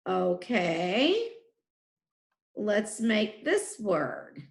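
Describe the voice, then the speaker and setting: Slow, careful first grade teacher. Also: female voice, mid-range voice, big pitch swings. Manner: slow, clearly drawn-out letter sounds. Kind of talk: recorded phonics lesson. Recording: echoey room.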